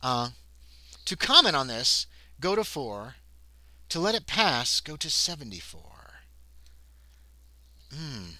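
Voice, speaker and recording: A man's voice: medium pitch, big pitch swings, slow pace, long pauses, sharp tone, no room sound, low-quality recording. A man playing a solo tabletop horror scenario on a livestream, reading the text aloud and breaking off into muttered asides. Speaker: solo tabletop game player and narrator.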